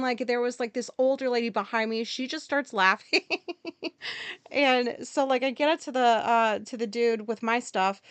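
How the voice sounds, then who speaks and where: A woman's voice: fairly high pitch, smooth, no echo. A woman hosting a casual solo podcast, talking in a rambling way with lots of fillers and swearing, often stopping to apologize. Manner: rambling, profane, with many fillers and quick apologies. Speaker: podcast host.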